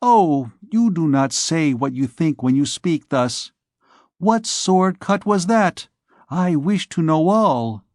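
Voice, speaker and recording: A man's voice: fairly high pitch, expressive, slow, a little mellow, no room sound, clean studio sound, voice pushed up. A man voicing a tender, reproachful young noblewoman in an audiobook, with coaxing, pleading questions. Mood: anxious. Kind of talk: audiobook character voice.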